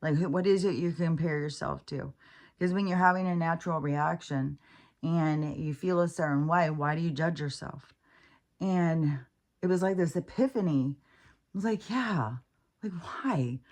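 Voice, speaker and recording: A woman's voice: deep voice, normal speed, darkish tone. A woman vlogging in a casual, rambling monologue about her spiritual life, candid and profane, with many fillers and restarts.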